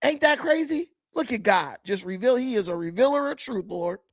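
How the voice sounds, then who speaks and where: A man's voice: high-pitched, animated, normal speed, dry recording. A man giving blunt, combative commentary while reacting to video clips, often mocking the people he watches. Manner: blunt, combative and mocking, with sudden swings in loudness.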